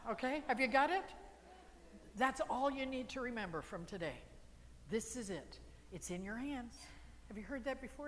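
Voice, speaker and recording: A woman's voice: a little high, lively intonation, moderate pace. A middle-aged woman minister preaching energetically, coaxing her congregation to join in. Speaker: guest minister. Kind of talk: sermon. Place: church hall. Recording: hall reverb with faint room noise.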